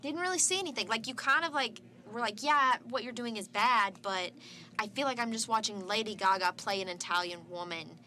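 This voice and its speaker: A woman's voice: mid-range voice, a little fast, bright, forceful tone, a little hiss or hum. Blunt punchy young woman reviewer. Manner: blunt and punchy, lists verdicts in short bursts, swears. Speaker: film reviewer. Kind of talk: casual film review chat.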